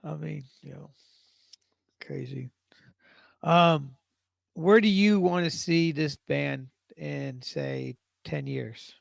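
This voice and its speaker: Slow, gravelly man hosting a podcast. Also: on the high side, no echo. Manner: laid-back, brief reactions and questions. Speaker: podcast host. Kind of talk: casual interview chat.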